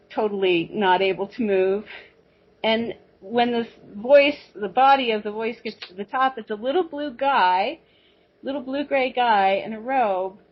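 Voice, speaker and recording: Dull lo-fi woman telling a rambling story. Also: medium pitch. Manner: rambling, animated, with many restarts and asides. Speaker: guest. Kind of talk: personal storytelling on a talk show. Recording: dull lo-fi audio.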